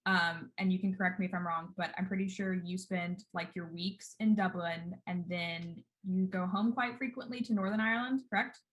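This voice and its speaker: A woman's voice: lowish voice, steady tone, normal speed, hardly any pauses. A woman with an American accent hosting a casual video call interview, chatty and full of "like". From United States. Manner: chatty, lots of "like". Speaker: interview host.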